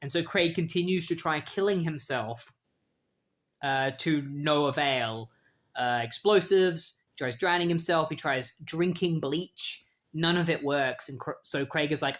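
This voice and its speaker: A man hosting a casual comic book retrospective, an animated storyteller who acts out characters' lines. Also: fairly high pitch, measured pace. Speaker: host.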